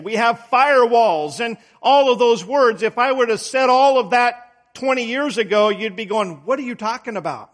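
A middle-aged male preacher delivers a sermon in a very high, slightly bright voice. He tells folksy, homey stories and stresses key words with emphatic rises.

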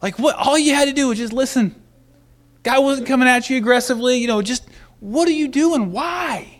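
Male preacher, higher-pitched voice, animated sermon delivery swinging from loud to hushed. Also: fairly quick. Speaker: pastor.

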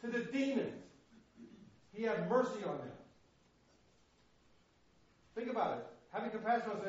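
A man preaches with passion, telling the story and acting out its voices. His voice sits a little high, and he often repeats his words as he pushes on. The recording is lo-fi and dull, with echo from the room. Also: very animated, moderate pace, pauses often. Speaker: missionary preacher. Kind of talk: sermon. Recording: echoey room, dull lo-fi sound.

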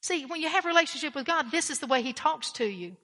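A woman's voice: high voice, lively intonation, fast, pushed and bright, long reverb tail. A woman pastor preaching a blunt, emphatic sermon, often repeating her key phrases.

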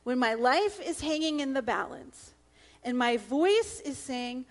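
A woman pastor, middle-aged, delivers a sermon with a high voice. She speaks slowly and earnestly, leaning hard on her points and now and then sinking to a near whisper. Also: lively intonation. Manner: earnest, emphatic, drops to a hush at times.

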